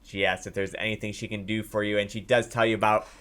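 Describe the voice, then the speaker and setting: A man narrating a tabletop game as dungeon master in a casual, halting way with many fillers. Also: fairly low pitch, flat delivery, fairly bright tone.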